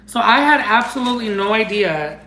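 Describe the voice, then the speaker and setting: Gushing high-voiced man in an echoey room. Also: a little fast. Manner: gushing, excitable, bursts into squeals; drops into Spanish phrases. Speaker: unboxing vlogger. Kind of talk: casual chat.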